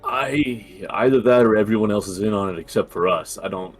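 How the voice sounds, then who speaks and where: A man's voice: fairly low pitch, a little fast, soft background music. A man playing a tabletop game who speaks in a thoughtful, slightly hesitant way. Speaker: player. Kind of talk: casual tabletop play.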